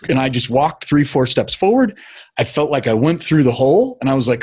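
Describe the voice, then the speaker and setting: Husky-voiced man telling his story. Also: mid-range voice, moderate pace. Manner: animated storyteller, acts out quotes. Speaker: guest. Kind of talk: casual storytelling chat.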